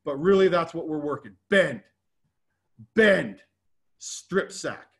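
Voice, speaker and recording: A coach with a fairly high voice. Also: male voice, moderate pace. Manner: casual, ends most phrases with a checking "okay?"; coaching cues with repeated short commands. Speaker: football defensive line coach. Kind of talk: instructional clinic talk over drill video.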